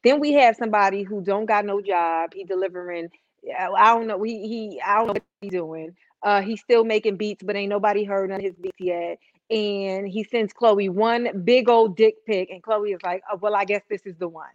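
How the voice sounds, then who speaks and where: A woman co-hosting a casual chat show, telling stories in an animated way and laughing often. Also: medium pitch, moderate pace, no echo, lo-fi sound. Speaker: podcast co-host.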